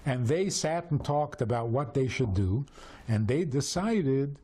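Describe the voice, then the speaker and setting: Animated, husky-voiced Torah teacher. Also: male voice, medium pitch, a little slow. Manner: animated, rhetorical questions. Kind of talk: storytelling lesson.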